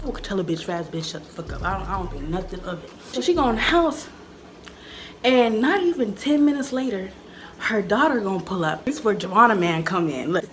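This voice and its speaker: A woman in her twenties telling a story, casual and profane, acting out the action with sound effects like booms. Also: a little hiss or hum. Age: 20s.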